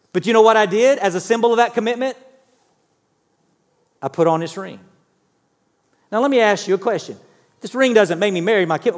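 High-voiced pastor in a reverberant hall. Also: male voice. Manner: conversational preaching with rhetorical questions to the congregation. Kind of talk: sermon. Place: church sanctuary.

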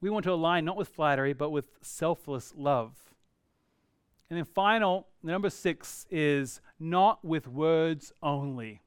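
A middle-aged man preaching a sermon as a pastor, lively and acting out quoted voices. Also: a little high, unhurried, smooth, no room sound, studio quality. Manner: animated, acts out quoted voices.

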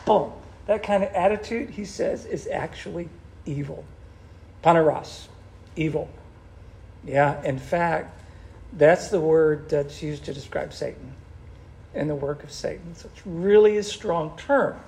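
A man preaching a sermon in an animated, conversational way, with a gravelly voice. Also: fairly high pitch, a little slow. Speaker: pastor.

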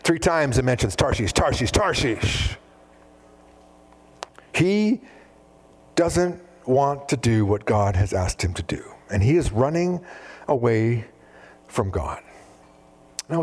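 A man preaching a sermon, animated, often acting out biblical dialogue in different voices. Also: mid-range voice, husky. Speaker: pastor.

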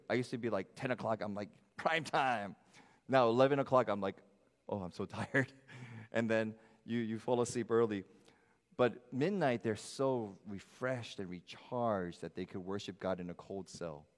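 Preaching man in a reverberant hall. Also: on the low side. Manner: animated preaching, rising loud then dropping soft. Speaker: pastor. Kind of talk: sermon. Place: church sanctuary.

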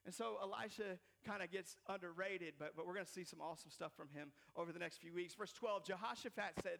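Pastor, man, 30s: gravelly, animated, slangy, repeats himself while preaching. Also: sits high, brisk. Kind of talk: casual preaching sermon.

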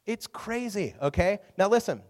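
A man preaching to a youth group, casual and animated, often asking the audience questions. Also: high voice, moderate pace, long reverb tail. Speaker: youth pastor. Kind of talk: youth sermon.

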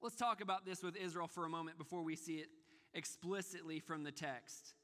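A man's voice: fairly high pitch, brisk, fairly bright tone, big-room sound. A man preaching a sermon, asking rhetorical questions and driving points home with emphatic repetition. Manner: emphatic, rhetorical questions, repeats words when restarting. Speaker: pastor.

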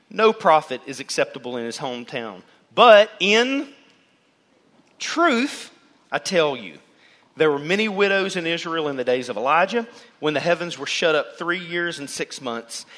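A man preaching a sermon to his church as pastor, animated, and he acts out the voices of the people in the pews. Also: fairly high pitch, slow. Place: church sanctuary.

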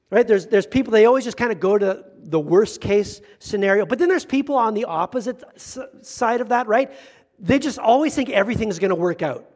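A middle-aged male pastor giving a conversational, animated sermon, acting out the voices of the people he quotes. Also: high voice, brisk.

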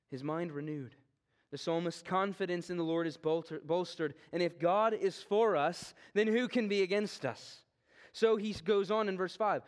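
Earnest preacher with a higher voice. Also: male voice, normal speed. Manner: earnest, voice often sinking low and quiet at phrase ends. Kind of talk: expository sermon.

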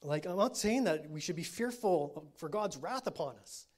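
Man, pastor, sermon, fairly high voice, conversational, keeps checking in with the crowd, quiet then emphatic. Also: lively intonation, moderate pace. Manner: conversational preaching with frequent check-ins to the congregation; swings between quiet, low statements and loud, emphatic declarations.

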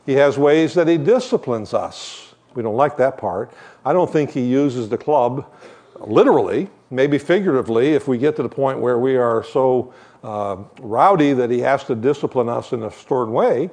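A man's voice: medium pitch, lively intonation, normal speed, darkish tone. An older man giving a sermon as a guest preacher, talking in a conversational way with joking asides while he shows shepherd props.

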